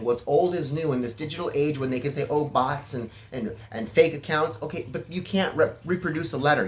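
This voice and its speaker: A man from California giving a casual, self-assured vlog monologue, chatty and flamboyant in manner. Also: a little high. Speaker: political vlogger.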